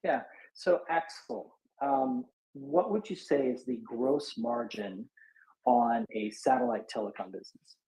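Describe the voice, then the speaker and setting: A tired man working through rough numbers out loud in casual chat, halting and full of fillers and restarts. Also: medium pitch, big pitch swings. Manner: halting, thinks aloud with many fillers and restarts. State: tired after a sleepless night. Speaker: speaker in a live audio chat room. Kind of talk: casual back-of-envelope reasoning. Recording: echoey room.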